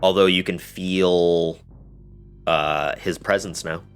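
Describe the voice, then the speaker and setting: Male game master, low, slow, lively pitch. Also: smooth, faint music behind. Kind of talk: narrating a tabletop game.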